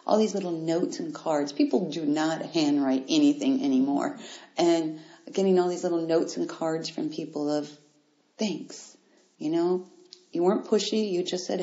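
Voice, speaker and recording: A woman hosting a motivational podcast, speaking directly and encouragingly to her listeners in an animated way. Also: low-pitched, moderate pace. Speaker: podcast host. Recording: roomy, dull lo-fi sound.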